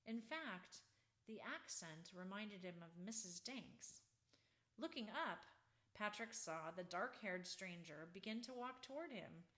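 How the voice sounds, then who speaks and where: Unhurried woman reading a storybook. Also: mid-range voice, lively intonation, a bit bright. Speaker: children's book author reading her book. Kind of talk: storybook read-aloud.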